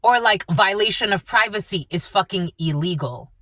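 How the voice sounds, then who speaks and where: A woman's voice: mid-range voice, animated, normal speed, fairly bright tone, no room sound. A woman giving a rambling, blunt and profane channeled reading in a casual monologue. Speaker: spiritual channeler and tarot reader.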